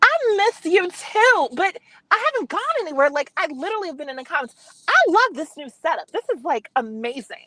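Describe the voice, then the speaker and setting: Brief: squeaky, bright campy lady caller, sassy gossip, put on by a man. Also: sing-song, brisk, no room sound, full character voice. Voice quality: squeaky, Minnie Mouse-like. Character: high-voiced campy woman caller. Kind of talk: call-in chat.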